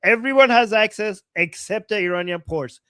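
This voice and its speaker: A woman's voice: medium pitch, moderate pace, a bit bright, clean tone, dry recording. A woman co-hosting a livestream, commenting casually and animatedly, often laughing and mimicking voices. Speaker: livestream co-host.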